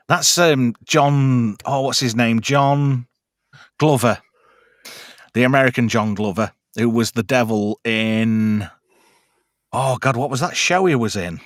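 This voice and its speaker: A man's voice: mid-range voice, slow, dry recording, studio quality. A man hosting a casual film chat, crude jokes and many fillers. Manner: chatty, crude joking, lots of fillers. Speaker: podcast host.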